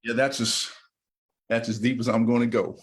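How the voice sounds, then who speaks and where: A man's voice: medium pitch, little pitch movement. A man at a virtual open mic, blunt and folksy, drawing out his words over a video call. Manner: blunt, folksy, drawn-out delivery.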